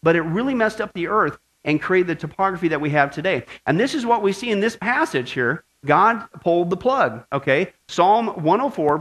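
A man preaching a Bible study sermon, animated and asking his audience questions. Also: sits high, poor audio.

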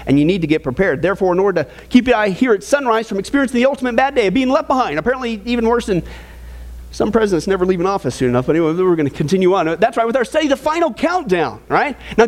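A man preaching as pastor, telling jokes and bantering with his audience in an animated way. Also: high voice. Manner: animated, jokey, tosses in audience asides. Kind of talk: joking sermon.

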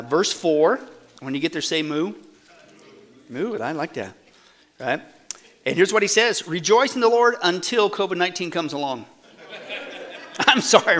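A man preaching a sermon with lively energy, putting questions to the congregation and answering them himself. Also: high voice. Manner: animated, asks the audience questions and answers them. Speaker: pastor.

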